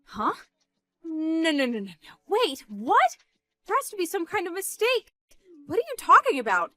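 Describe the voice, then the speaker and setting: Bright, swooping young sister in disbelief, a woman acting it, dry close sound. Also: high voice, very animated, moderate pace, no room sound. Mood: disbelieving. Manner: disbelieving, rising to panicked shouting. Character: shocked young woman, the deceived sister Lisa.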